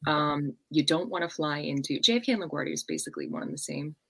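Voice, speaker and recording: A woman's voice: low voice, quick pace, creaky, slightly rough. A woman from Long Island with a New York accent, chatting casually as a guest and acting out stories with plenty of swearing. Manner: animated storyteller, swears freely, acts out quotes. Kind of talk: casual chat.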